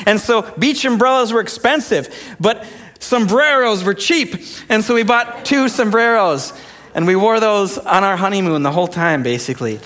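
A man's voice: sits high, normal speed. A young adult male pastor preaching a sermon, joking and acting out quotes as he tells stories. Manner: animated storyteller, jokey, acts out quotes. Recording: long hall reverb.

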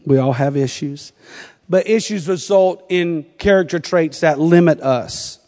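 A man's voice: a little high, unhurried, mellow, long reverb tail. A middle-aged man from North Carolina with a Southern accent, preaching a sermon with humorous stories and frequent laughter. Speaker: pastor.

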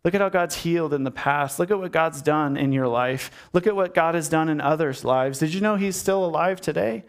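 Male pastor with a somewhat high voice, preaching earnestly and repeating phrases, sometimes going soft and low. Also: a little fast, clean tone. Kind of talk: sermon.

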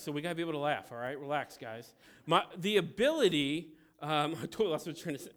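A man in his thirties from the American Midwest giving a conversational, joking sermon with animated storytelling. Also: on the high side. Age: 30s. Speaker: pastor.

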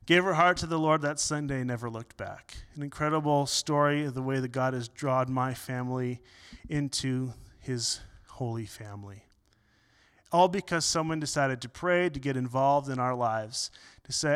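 A man preaching a sermon as pastor, earnest, often repeating words and swinging between loud and soft. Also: mid-range voice, normal speed, clear, resonant tone.

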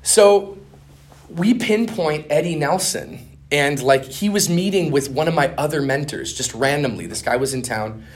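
A middle-aged man teaching a conference class on evangelism, talking fast and animated, full of "man" and "dude.". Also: on the high side. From Minnesota. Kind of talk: casual conference teaching with stories.

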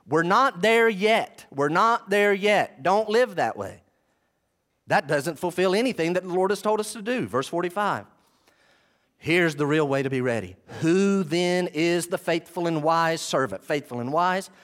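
Animated high-voiced male preacher. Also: a little slow. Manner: emphatic, repeats key phrases for stress. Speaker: pastor. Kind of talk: sermon, verse-by-verse Bible teaching.

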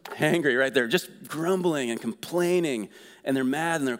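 A man's voice: a little high, moderate pace. Conversational preacher man in a big hall. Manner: conversational, energetic preaching with rhetorical questions. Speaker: pastor. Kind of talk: sermon.

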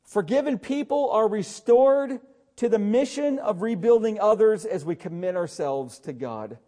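High-pitched, mellow-voiced preacher man. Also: animated, measured pace. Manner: urgent, exhorting preacher who often says "listen". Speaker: pastor. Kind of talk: sermon.

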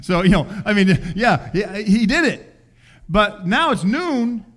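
An older man preaching, telling a family story in an animated way and acting out voices. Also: high-pitched, unhurried. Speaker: pastor. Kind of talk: sermon storytelling.

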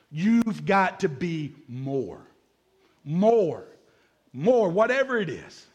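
A male pastor delivering a sermon in an animated, dramatic way, acting out asides. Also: high-pitched, slow, husky.

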